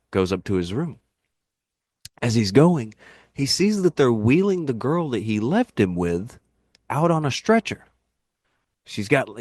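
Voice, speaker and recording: A man in casual podcast chat, telling animated, rambling wrestling anecdotes and laughing at his own jokes. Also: lowish voice, no echo, clean studio sound. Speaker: podcast guest, wrestling YouTuber.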